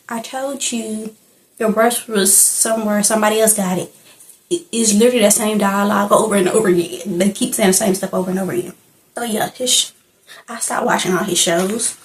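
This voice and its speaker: A woman's voice: medium pitch, poor audio. A young woman chatting casually in a reaction vlog, rambling and laughing as she reviews a film. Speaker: movie reviewer.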